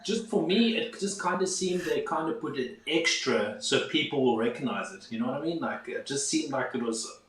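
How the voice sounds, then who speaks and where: A man's voice: fairly high pitch, lively intonation, normal speed, a bit bright. A man, chatting frankly as a co-host on a livestream. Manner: frank, hedging with fillers. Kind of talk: casual livestream chat. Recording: roomy echo.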